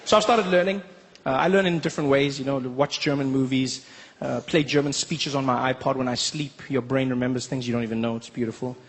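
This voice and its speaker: A man from South Africa performing a lively stand-up comedy set, telling stories and slipping into voices. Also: medium pitch, a little fast, big-room sound. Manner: animated, storytelling, lots of voices.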